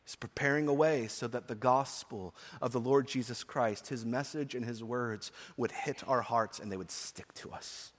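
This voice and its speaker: A man in his forties preaches to his congregation in a voice of ordinary middle pitch, earnest and emphatic, and he slips into chatty personal asides. His words ring out with the long reverb of a church hall. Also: moderate pace, few pauses. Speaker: pastor. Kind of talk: sermon. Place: church sanctuary.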